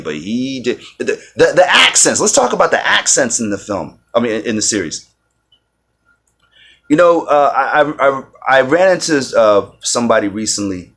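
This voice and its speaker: A man with a low voice talks in an unhurried, rambling way. He stumbles over his words, repeats himself and fills the gaps with "uh" while reviewing casually. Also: a bit bright. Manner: rambling, many restarts and fillers. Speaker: video reviewer.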